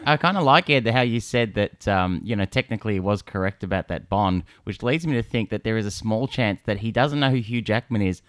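A man co-hosting a comedy podcast, joking with deadpan delivery. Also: fairly low pitch, a little fast, hardly any pauses, dry recording, studio quality. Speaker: co-host.

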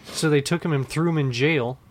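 A man's voice: on the high side, fairly quick. Laughing man in a crude comedy chat. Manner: rambling, laughs often, crude jokes. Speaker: podcast co-host.

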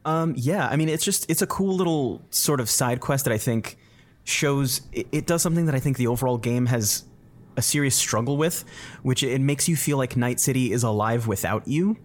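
A man's voice: medium pitch, normal speed. A man in a casual conversation, talking thoughtfully and hedging his points. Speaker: guest. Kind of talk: casual chat.

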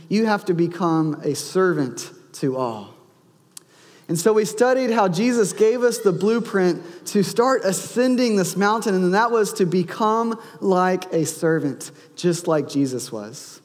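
Pastor preaching in a reverberant hall. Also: male voice, high voice. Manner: storytelling, acts out his son's and his own lines. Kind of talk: sermon with a personal story.

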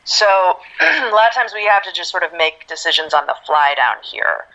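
An actress guest telling a story in a casual interview, laughing often and acting out what people said. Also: female voice, fairly low pitch, normal speed, lo-fi sound. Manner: laughs often, animated, acts out quotes.

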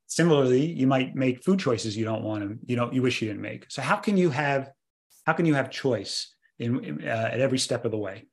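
A middle-aged man, a doctor, explaining in a calm conversational way on a podcast. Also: mid-range voice, vocal fry. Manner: calm explanatory, slows for guided breathing. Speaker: doctor and co-author.

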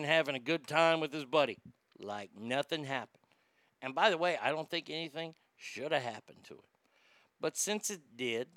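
Male podcast host, profane and rambling, bright crisp voice, dry close mic. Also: medium pitch, no echo. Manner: profane, rambling, reads listener comments aloud. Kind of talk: casual commentary.

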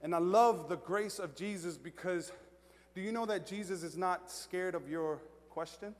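High-voiced preaching pastor in a reverberant hall. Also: male voice, moderate pace. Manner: preachy, builds from quiet to loud storytelling. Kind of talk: sermon.

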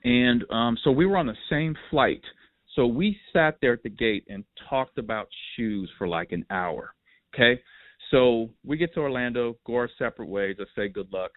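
A man hosting a podcast, telling stories in a lively, animated, casual way. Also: mid-range voice, normal speed, no room sound. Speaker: podcast host. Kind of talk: casual storytelling chat. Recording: tinny phone line, dry.

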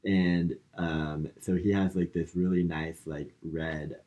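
Male podcast co-host, deep-ish and unhurried, loose filler-heavy recap. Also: level tone, dull audio. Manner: rambling, filler-heavy retelling with lots of "like" and "um". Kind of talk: casual movie recap chat.

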